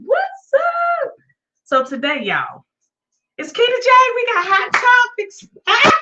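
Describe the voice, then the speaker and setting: A woman's voice: a little high, sharp tone. A woman hosting her own vlog, chatting casually and upbeat with viewers, often repeating phrases and sometimes singing her greetings. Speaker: vlog host. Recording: distant, dull lo-fi sound.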